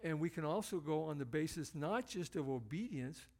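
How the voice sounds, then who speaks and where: A male preacher giving an earnest, emphatic sermon, slowing down to stress key phrases. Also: fairly high pitch, animated, a little mellow.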